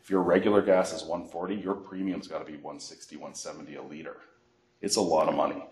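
A middle-aged man from Canada, a financial educator giving a workshop, telling animated stories and acting out phone calls. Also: extremely low pitch, fast talker, a little hiss or hum. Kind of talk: workshop presentation with anecdotes. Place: library meeting room. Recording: echoey room.

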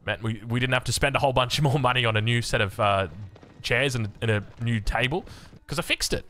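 A man's voice: medium pitch, a little fast, pushed and bright. A young man with an Australian accent, casting a strategy game with jokey, rambling asides. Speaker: game caster. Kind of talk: game commentary with chatty asides.

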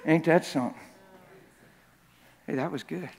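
A man preaching a sermon in a church, telling stories with lots of repetition and sometimes building up to a shout. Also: a little high, measured pace, creaky, in a large hall, a little hiss or hum. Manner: animated, repetitive storytelling that swells to shouting. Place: church sanctuary.

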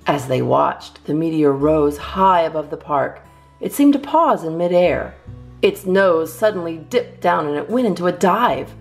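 Low, gravelly woman reading a story. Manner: lively, expressive reading. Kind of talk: children's read-aloud narration.

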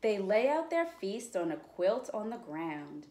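A woman librarian reading a picture book aloud at storytime, with slow, expressive, encouraging delivery. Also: mid-range voice, roomy sound. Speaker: children's librarian.

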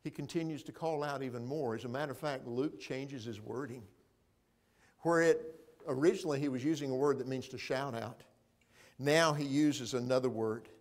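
A man preaching a sermon in a church, moving between loud proclaiming and quiet, hushed appeals. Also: mid-range voice, moderate pace. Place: church sanctuary.

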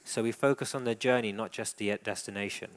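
A man giving a live dog-training demonstration, calmly narrating a dog's behaviour and encouraging the owner. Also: fairly low pitch, quick pace. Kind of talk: presentation with live coaching. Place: indoor event hall.

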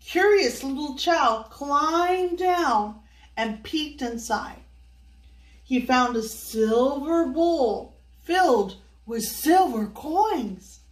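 An older woman reads a children's storybook aloud, her high voice swooping with lively melody as she coaxes kids to join in. She takes her time over every line. The sound is roomy and picked up from a distance. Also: very slow. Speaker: storyteller host. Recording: echoey room, voice from far off.

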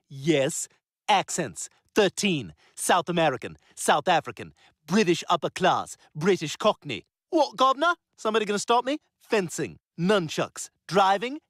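Brash cartoon show-off, lively voice, dry close sound. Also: male voice, on the high side, dry recording, heavily acted. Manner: rapid-fire listing, loud and cocky. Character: eager male auditioning actor, showy and brash.

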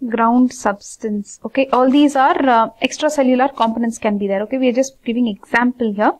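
A woman teaching anatomy in an informal lecture, repeating terms slowly and asking her students questions. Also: fairly high pitch.

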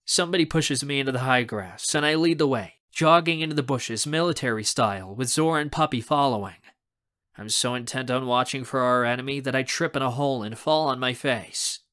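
A man narrating a young adult novel in the first person, expressive and acting out the scenes. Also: medium pitch, brisk. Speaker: audiobook narrator.

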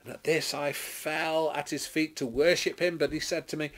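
An English man, a clergyman, reading scripture dramatically and then preaching a short sermon, declaiming loudly and rising on exclamations. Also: fairly high pitch, moderate pace. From England. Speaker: clergyman giving a short Bible reflection.

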